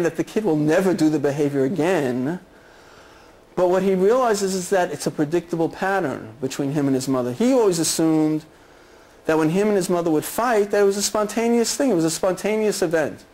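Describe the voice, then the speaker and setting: Guy with a high voice teaching therapy stuff, chatty, lots of "okay? right?". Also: brisk, darkish tone, rough recording. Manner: conversational, repeats "okay" and "right" often. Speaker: clinician teaching a class. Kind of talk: lecture with role-play examples.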